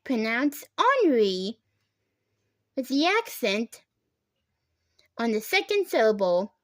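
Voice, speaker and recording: A know-it-all schoolgirl, voiced by a woman reading aloud, explaining things in a lecturing, matter-of-fact tone. The voice is high and unhurried, close and dry. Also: sing-song, dry recording.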